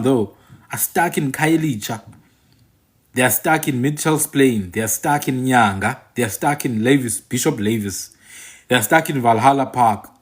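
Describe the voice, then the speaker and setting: Husky, lively South African man ranting. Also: mid-range voice. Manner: emphatic, repeats phrases for effect. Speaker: channel host and commentator. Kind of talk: opinionated monologue to viewers.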